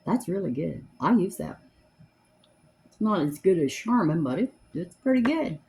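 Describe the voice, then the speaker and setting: An older woman in her seventies with a drawl talks through her makeup routine at home. She rambles along in a chatty, homespun way, her voice sitting a little low for a woman. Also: big pitch swings, moderate pace, mellow. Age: 70s. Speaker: makeup vlogger. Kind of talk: casual chat while doing makeup. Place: home, seated in a chair.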